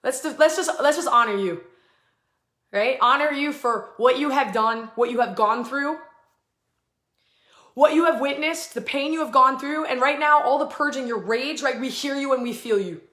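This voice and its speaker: Woman, high voice, spiritual channeling livestream, fast emphatic talk with swearing, chanted made-up syllables, echoey room. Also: a bit bright. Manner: fast, emphatic and effusive, with profanity. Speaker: spiritual channeler hosting a live session. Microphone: live online video stream.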